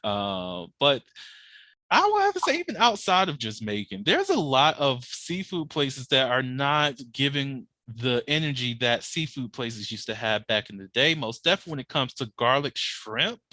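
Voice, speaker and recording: A man hosts a podcast in casual chat, and his voice is bright with a pitch that swings widely. He tells animated, profane stories and often laughs. The sound is dry and close. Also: moderate pace, no room sound. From Georgia, USA. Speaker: podcast host.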